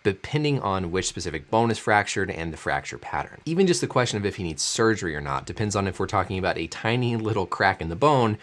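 A man who is a doctor, hosting a video and walking through a sports injury in a clear, enthusiastic explaining manner. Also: deep voice, lively intonation, quick pace, few pauses, fairly bright tone.

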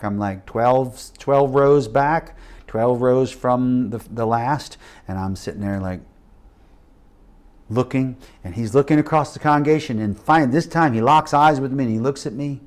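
A man in his fifties teaching a missions class, telling a personal testimony with animated, emphatic swells like a preacher. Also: medium pitch, normal speed. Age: 50s.

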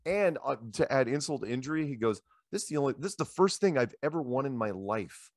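A middle-aged man hosting a show, telling rambling anecdotes in a casual, animated way into a handheld microphone. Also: medium pitch, fast, dry recording, studio quality. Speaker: show host. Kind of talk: casual storytelling chat.

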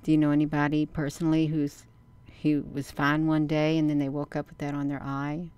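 A woman's voice: deep voice, monotone, fairly quick, darkish tone, clear, resonant tone, dull audio. A woman hosting a casual livestream, rambling and answering viewers' comments. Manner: folksy, rambling, says "you all" and "honey". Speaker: livestream host.

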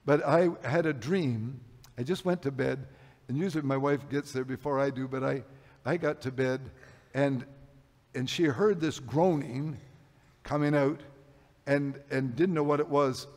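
An older man preaching a sermon, telling personal stories, rising loud then dropping low. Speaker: pastor. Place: church sanctuary. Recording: long hall reverb.

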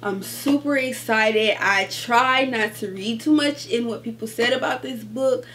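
A woman with a somewhat high voice gushes about her new books in a casual, animated chat and keeps calling her viewers y'all. A faint hum sits under the recording. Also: measured pace. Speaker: book vlogger. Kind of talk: casual book haul chat.

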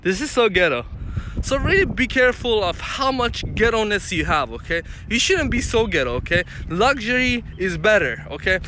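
A man's voice: high voice, sing-song, moderate pace, noisy background. A man from Mauritius vlogging casually while walking outdoors, rambling and tagging his sentences with "okay?". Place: outdoors in a city.

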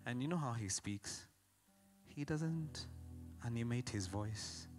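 A man with a Kenyan accent preaching a sermon, telling stories in an animated way that swings from loud excitement to quiet emphasis. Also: mid-range voice, moderate pace, faint music behind. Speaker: pastor.

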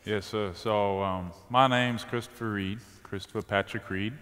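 A South African man in his twenties, telling his story as a guest in an interview on a church stage, relaxed and easygoing. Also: fairly low pitch, normal speed. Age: 20s. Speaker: guest swimmer. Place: church sanctuary. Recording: long reverb of a large hall.

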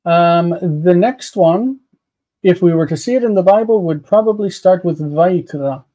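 A man with a slightly higher voice than most walks through grammar exercises in a live online lesson. He explains methodically, pausing often with a filler as he thinks. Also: dark tone. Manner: methodical, explains with many uh pauses. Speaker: co-host teaching Biblical Hebrew.

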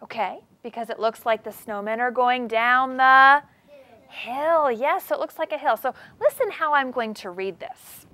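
A preschool teacher reads a storybook aloud to young children in a classroom, using an expressive sing-song delivery and asking the class questions. Her voice sits high, her pace is moderate, and the recording is dry.

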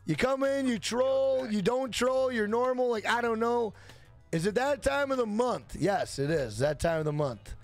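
A young man streaming a game, loud and brash, yelling and swearing as he answers his chat. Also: extremely high pitch, expressive, normal speed, soft background music. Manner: loud, yells to be heard; brash and profane, reads chat aloud. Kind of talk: casual live-stream chat.

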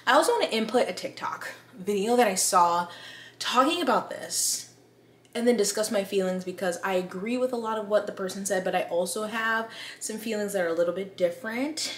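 A woman's voice: mid-range voice, fairly quick, echoey room. A woman hosting a book video, chatting casually in a rambling, self-aware way and reading from an article.

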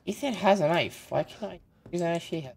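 A young man chatting casually with a friend while playing a multiplayer game, blunt and cursing casually, firing off quick questions. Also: high-pitched, expressive, creaky, a little mellow, breathy edge. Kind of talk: casual gaming voice chat.

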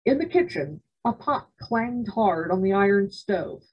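A woman reading a children's novel aloud for a library program, steady and expressive. Her voice is breathy and husky at mid pitch. The recording sounds dull and lo-fi. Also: measured pace. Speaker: library storyteller.

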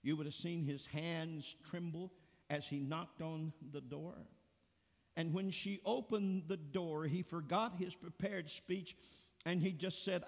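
A man preaching in a church sanctuary, his voice pitched somewhat high and carrying a gravelly edge. He takes his time, spacing his words slowly as he tells a story from the pulpit. A long church reverb trails each phrase. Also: steady tone. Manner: slow, deliberate storytelling preacher. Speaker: pastor. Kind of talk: sermon.

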